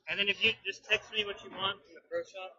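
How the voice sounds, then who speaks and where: Distant high-voiced man, offhand chat. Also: fairly even intonation, fast, sharp tone. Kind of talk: casual chat. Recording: distant voice with background noise.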